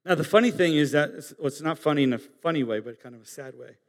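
Man preaching in an echoing hall. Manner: earnest, pausing, rising to emphatic peaks and dropping low. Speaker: pastor. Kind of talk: sermon.

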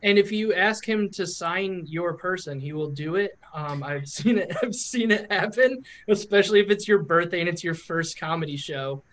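Rambling, slightly high-voiced podcast host. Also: male voice, moderate pace, few pauses, a bit bright. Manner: rambling, heavy on "like" fillers. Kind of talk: casual podcast chat.

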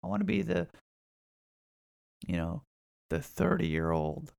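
A man's voice: a little high, big pitch swings, slow pace, vocal fry, pauses often, no echo, studio quality. A man in his twenties rambling casually and profanely on his own, with frequent restarts. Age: 20s. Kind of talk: casual solo rant.

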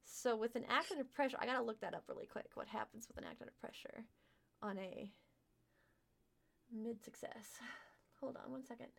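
A woman narrating a tabletop role-play as game master, bubbly and prone to laughing mid-sentence. Her voice sits a bit high, and she keeps the scene moving. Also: fairly quick, creaky, long pauses. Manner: playful, laughs often.

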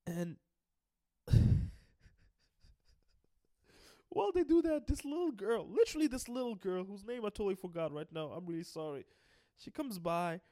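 A young man recaps a story casually, rambling with many restarts and laughing often. His voice sits fairly high for a man. The sound is dry and close. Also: animated, moderate pace, pauses often, warm tone, no echo. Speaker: video host.

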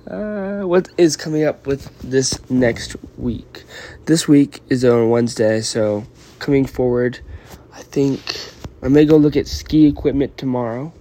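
A young man with a cold rambles through his podcast, yawning between thoughts. His voice sits low and mellow, with a steady, middle pitch. He hedges, apologizes and fills pauses with ums as he goes. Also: a little hiss or hum. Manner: meandering, apologetic, lots of ums. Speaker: vlogger and podcaster. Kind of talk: casual rambling chat.

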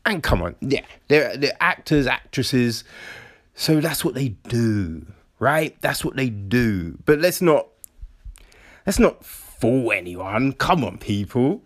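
A man giving a casual, sweary opinion monologue, animated and mocking. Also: mid-range voice, slow, dry recording.

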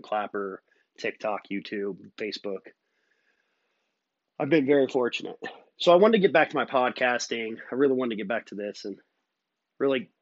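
A man's voice: medium pitch, dry recording, highs cut off. A man hosting his own podcast, telling stories in an earnest, rambling way. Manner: earnest, rambling storytelling with fillers. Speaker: podcast host. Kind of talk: casual solo podcast monologue.

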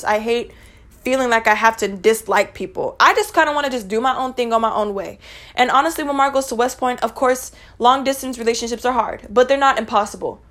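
A woman's voice: fairly high pitch, fairly bright tone. Blunt, emotional young woman podcaster. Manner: blunt, emotional, swears freely, addresses listeners directly. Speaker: podcast host. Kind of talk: casual personal podcast monologue.

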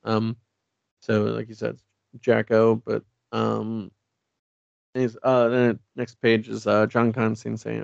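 A man's voice: fairly low pitch, completely flat delivery, slow, gravelly, dry recording, muffled recording. A man co-hosting a casual podcast chat, recapping a comic and reading its dialogue aloud with many fillers. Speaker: podcast co-host.

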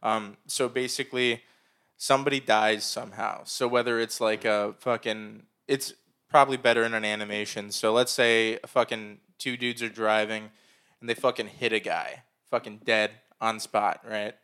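Young man, casual podcast chat, joking, swears a lot, smooth voice. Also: fairly low pitch, fairly even intonation, normal speed, sharp tone. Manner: loose and joking, swears freely. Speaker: podcast co-host.

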